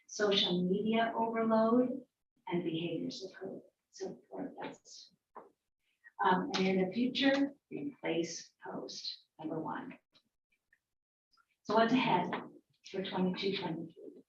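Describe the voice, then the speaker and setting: A middle-aged woman walks a school board through the year's plans and repeats key phrases with fillers. She sounds distant and dull-toned in a very echoey meeting room with faint background noise. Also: mid-range voice. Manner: warm, repetitive, explanatory with fillers. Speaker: school district superintendent. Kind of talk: presenting at a board workshop.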